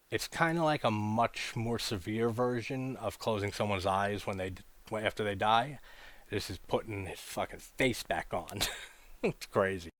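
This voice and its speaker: A man's voice: on the low side, fairly bright tone, no room sound. A man hosting a casual film discussion, talking with enthusiasm, laughing often and swearing casually. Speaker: horror film reviewer.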